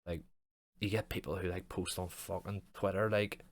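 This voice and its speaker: A man's voice: low-pitched, little pitch movement, normal speed, no echo. A young man hosting a casual podcast, rambling loosely and swearing heavily with a jokey tone. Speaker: podcast host and streamer.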